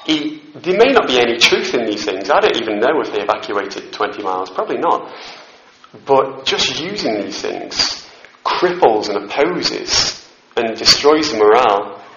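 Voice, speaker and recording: A man's voice: mid-range voice, very animated, normal speed, background noise. A man preaching a sermon in a church hall, conversational and self-deprecating, with asides to the room. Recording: roomy, slightly dull hall recording.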